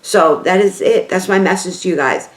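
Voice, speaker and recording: A woman's voice: fairly low pitch, moderate pace. Heartfelt New York woman in an echoey room. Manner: heartfelt, rambling, repeats herself for emphasis. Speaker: beauty vlogger. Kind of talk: emotional casual talk to camera.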